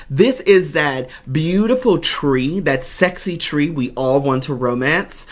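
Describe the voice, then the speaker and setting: A man giving an excited, gushing reaction commentary on a game trailer as a YouTuber. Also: mid-range voice. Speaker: gaming YouTuber.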